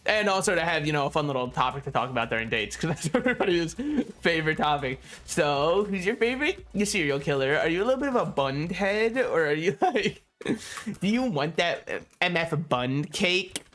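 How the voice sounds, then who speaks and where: A man's voice: on the high side, lively intonation, moderate pace, a bit bright. A young man streaming a video game, rambling through casual commentary with jokes and frequent laughter. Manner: rambling, joking, laughs often.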